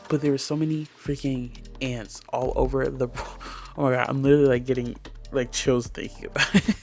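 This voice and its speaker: A man's voice: medium pitch, vocal fry, darkish tone. A young man chatting casually over gameplay as a game speedbuild creator, rambling through stories and swearing freely.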